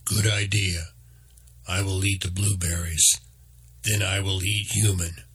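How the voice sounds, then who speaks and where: A man voicing a huge, hungry male black bear who speaks in short, flat, declarative sentences in a deep voice. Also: measured pace, breathy edge, exaggerated voice. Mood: blunt.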